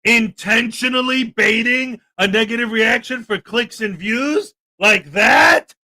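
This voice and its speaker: A man's voice: very high-pitched, measured pace, sharp tone. A man hosting a livestream, delivering sarcastic, indignant commentary and firing back at chat comments. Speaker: livestream host.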